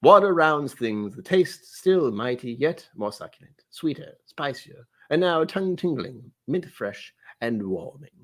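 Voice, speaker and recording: Man playing a pompous butler type, plummy and theatrical, lively pitch. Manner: plummy, measured, theatrical reading.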